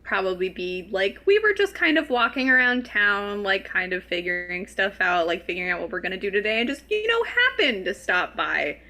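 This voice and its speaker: A woman's voice: medium pitch, big pitch swings, fairly quick, hardly any pauses, pushed and bright. A woman player in a tabletop game, chatty and giggly in casual talk. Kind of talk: casual chat.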